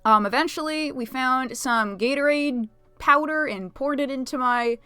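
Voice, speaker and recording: A woman telling a convention story while she paints at home, chatty and giggly with quick asides. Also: high-pitched, pushed and bright, clear, resonant tone, dry recording. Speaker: video creator. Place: home, talking to her pet bird.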